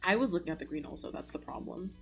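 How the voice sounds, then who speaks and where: A woman streamer chatting casually while she studies. She is excitable, swears freely and talks in quick bursts full of fillers. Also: low voice, creaky, soft background music. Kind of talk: casual chat while studying.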